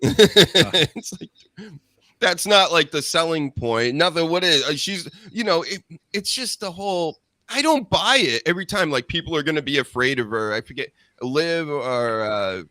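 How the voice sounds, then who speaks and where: A man hosting a casual wrestling podcast, animated and sarcastic, mocking people in high put-on voices. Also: moderate pace, no echo. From Boston area. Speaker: podcast host.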